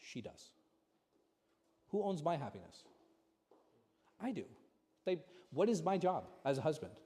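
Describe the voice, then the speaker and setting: A man gives a relaxed religious lesson in a large mosque hall. His tone is mellow and warm. He keeps asking his listeners questions, and the reverb trails on after each phrase. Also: fairly high pitch, measured pace. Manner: asks the audience rhetorical questions. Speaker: imam teaching a class.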